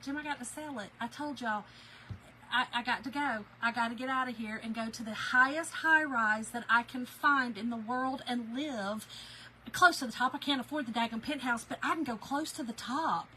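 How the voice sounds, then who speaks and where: A woman with a drawl chats with her livestream audience in an animated, storytelling way. Her voice is bright and sits a little high. Faint room noise hums in the background. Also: normal speed, rough recording. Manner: chatty, animated storyteller, laughs often. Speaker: craft channel host. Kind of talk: casual livestream chat with viewers. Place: home.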